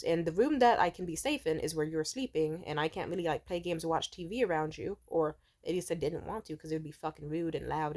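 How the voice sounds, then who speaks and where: A woman's voice: lowish voice, a little mellow. A young woman venting in a casual storytime vlog, frank and profane, rambling with lots of fillers. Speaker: vlogger.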